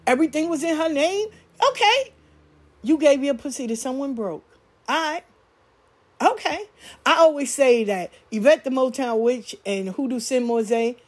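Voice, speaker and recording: High-pitched woman, blunt and profane, animated storyteller speaking candidly. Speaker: spiritual practitioner.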